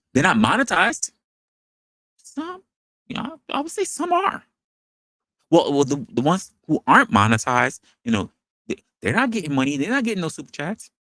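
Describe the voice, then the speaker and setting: Gravelly, animated male opinion host. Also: mid-range voice, no room sound, studio quality. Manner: animated, rhetorical, questioning the audience. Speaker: podcast host. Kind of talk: opinion commentary monologue.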